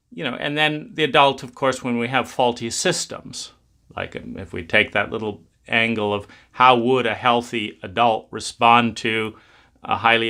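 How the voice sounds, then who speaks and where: A man's voice: medium pitch, bright, forceful tone. A man giving a reflective spoken talk, rambling with many restarts.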